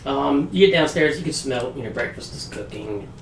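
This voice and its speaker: A man narrating as game master in a casual tabletop session, with relaxed, halting narration full of fillers. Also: medium pitch, vocal fry, roomy sound, recorded from a distance, a little hiss or hum.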